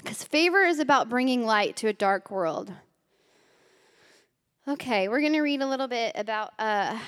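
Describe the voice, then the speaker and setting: A woman's voice: a little high, fairly bright tone, smooth, big-room sound. A woman preaching a casual, conversational sermon to a gathered group, speaking directly to the room and leaning often on "like.".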